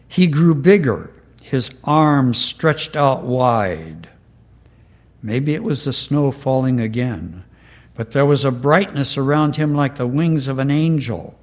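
An older man reading a letter aloud in an earnest, measured way, then telling a personal anecdote. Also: mid-range voice. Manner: slow, earnest, measured delivery. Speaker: storyteller.

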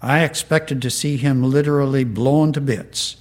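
Older man, slow earnest reading voice, mid pitch, measured. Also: fairly even intonation, darkish tone. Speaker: storyteller. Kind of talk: reading a letter aloud, then personal anecdote.

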